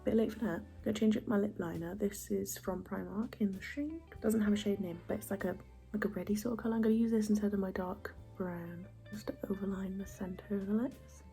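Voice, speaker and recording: A young woman chatting casually through a makeup routine, soft and often half-whispered, chatty and self-mocking. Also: medium pitch, steady tone, brisk, gravelly, faint music behind. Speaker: beauty vlogger.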